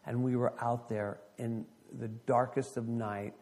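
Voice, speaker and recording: A middle-aged man preaching a sermon, an animated storyteller who reads scripture and acts out the voices of people in his stories. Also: mid-range voice, measured pace. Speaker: pastor.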